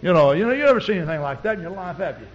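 A man's voice: high-pitched, very animated, rapid-fire. A man preaching as a pastor, telling a story in a folksy, rambling way with many fillers. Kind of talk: storytelling sermon. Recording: dull lo-fi recording.

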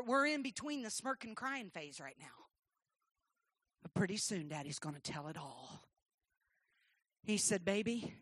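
A woman preaching a sermon, telling a childhood story in a soft voice and then rising into loud, shouted exhortation. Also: fairly low pitch, breathy edge, dry recording.

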